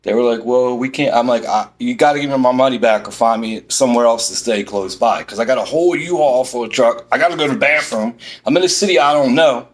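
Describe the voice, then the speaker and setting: Talking fast with hardly any pauses, this medium-pitched vlogger from Philadelphia vents his exasperation in a parked van. His ranting story is animated and full of quoted exchanges.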